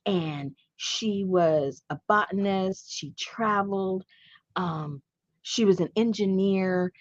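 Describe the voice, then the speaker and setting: A woman's voice: mid-range voice, slow, dry recording, lo-fi sound. A woman hosting a craft channel, chatting casually and playfully while showing a handmade journal. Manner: playful and chatty, laughs often.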